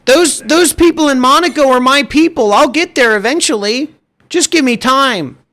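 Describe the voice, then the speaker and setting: A man's voice: extremely high pitch, moderate pace, pushed and bright, voice pushed up. A man putting on the voice of a whiny, spoiled young man who pities himself for not being rich. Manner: whining, self-pitying.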